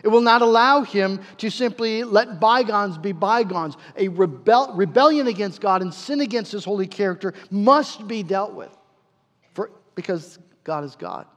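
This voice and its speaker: A man's voice: high-pitched, lively intonation, moderate pace, a bit bright, in a large hall. A man preaching a sermon as pastor, earnest and emphatic, often repeating words for stress.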